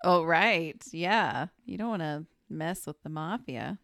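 A woman's voice: low voice, expressive, slow pace, a bit bright, dry recording, clean studio sound. A woman co-hosting a podcast, chiming in with short reactions and asides while her co-host recaps a film. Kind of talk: casual movie chat.

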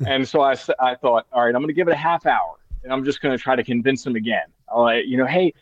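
A man's voice: medium pitch, fast talker, no echo. Rambling man in his thirties, dry sound. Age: 30s. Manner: rambling, heavy use of "you know" fillers and restarts. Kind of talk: casual storytelling chat. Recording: dry, slightly dull sound.

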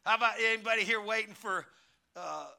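A man's voice: high-pitched, fairly quick, gravelly, bright, forceful tone. A pastor preaching a sermon in a church, folksy and emphatic, building in fervor as he teaches. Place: church sanctuary.

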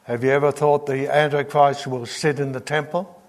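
A man's voice: medium pitch, little pitch movement, normal speed. A man preaching a teaching sermon to a congregation, reading scripture aloud and putting questions to his listeners.

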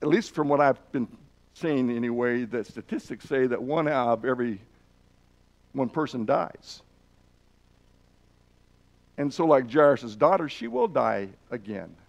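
A man's voice: mid-range voice, expressive, a little slow, vocal fry, pauses often. A man preaching a sermon, earnestly retelling and reading scripture passages aloud with emphasis. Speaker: pastor.

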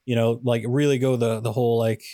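A man's voice: mid-range voice, level tone, brisk, mellow, no echo. Playful man in a dry room. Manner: playful, jokey, asks questions. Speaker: podcast co-host. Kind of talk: casual chat.

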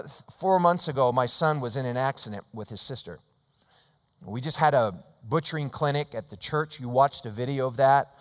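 A middle-aged man preaching in a church, his voice carried by a long, ringing reverb. He tells his story with dramatic swings, rising to loud emphasis and then falling to a hushed, close tone. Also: medium pitch. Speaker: pastor. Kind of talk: sermon. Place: church sanctuary.

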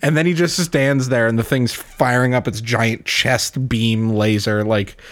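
Excitable man gushing with laughs. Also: mid-range voice, a little slow. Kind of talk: casual gaming chat.

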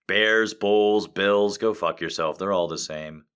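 A man's voice: deep voice, very slow, long pauses, a bit bright, smooth. A man hosting a casual stream, rambling and swearing with self-mocking jokes and mock-dramatic outbursts. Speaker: streamer host. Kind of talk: casual chat.

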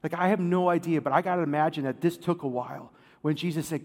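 A male pastor preaching a sermon in a casual, animated way, full of fillers and asides. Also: on the high side, quick pace, hardly any pauses, big-room sound.

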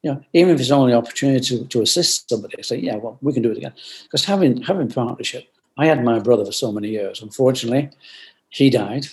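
An older man, a company founder, giving earnest reflective interview answers over a remote video call, often repeating phrases and clearing his throat. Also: mid-range voice, quick pace, low-quality recording. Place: at home in France.

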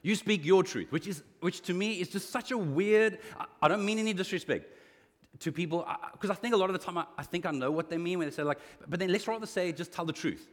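A man preaching a sermon as a pastor, animated, acting out quoted lines with a rising voice. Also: high-pitched, fast talker, in a large hall.

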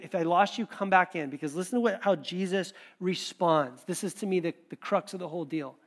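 A man with a notably high-pitched voice delivers a sermon. He talks in a relaxed, conversational way, often breaking into lively quoted asides. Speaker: pastor.

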